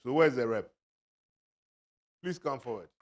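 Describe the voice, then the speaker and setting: A man's voice: medium pitch, lively intonation, a little slow. A man auctioneering at a book launch, teasing buyers and laughing often. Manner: jovial, teasing, bursts of laughter. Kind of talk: lively fundraising banter. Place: event hall.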